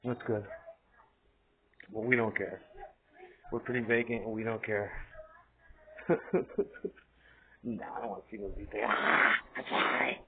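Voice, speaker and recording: A man's voice: fairly low pitch, steady tone, unhurried, long pauses. A man rambling in a profane monologue, laughing often and trailing off mid-thought. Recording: tinny phone-like audio, faint hiss.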